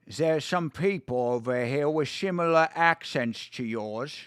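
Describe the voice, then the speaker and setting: A man's voice: on the high side, big pitch swings, moderate pace, few pauses, fairly bright tone, no room sound, studio quality. A young man hosting a live fight watch-along stream, chatting casually, swearing and greeting viewers by name.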